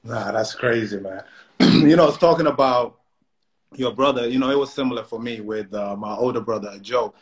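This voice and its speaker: A man's voice: medium pitch, moderate pace, rough recording. A man with a London accent, from South London, chatting and teasing his friend on a live phone stream. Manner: teasing, animated. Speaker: co-host. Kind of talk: casual chat, banter. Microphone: phone on a live video stream.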